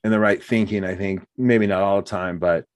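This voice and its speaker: A man's voice: low voice, fairly quick, no echo, studio quality. A man talking casually as host, telling stories and acting out what people said. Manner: animated storyteller, acts out quotes. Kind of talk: casual conversation.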